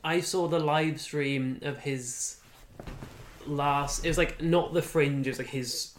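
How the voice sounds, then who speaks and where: A man co-hosting a podcast, retelling stories in a rambling, animated casual chat. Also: on the high side, slow, a little hiss or hum. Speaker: podcast co-host. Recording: echoey room.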